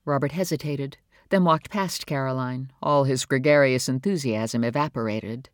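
A narrator reading a novel in a calm, measured storytelling manner. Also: mid-range voice. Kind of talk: audiobook narration.

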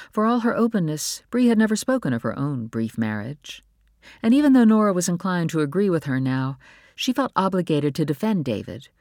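Woman reading a novel aloud, calm and measured, lowish voice, dry close sound. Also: no echo. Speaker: audiobook narrator. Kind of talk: scripted novel narration.

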